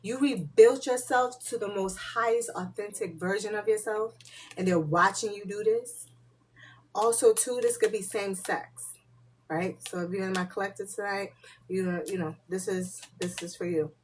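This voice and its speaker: A woman's voice: medium pitch, normal speed, darkish tone, husky. A woman hosting a casual live spiritual reading, chatty and loose, laughing and swearing freely, and often slipping into muttered asides to her viewers.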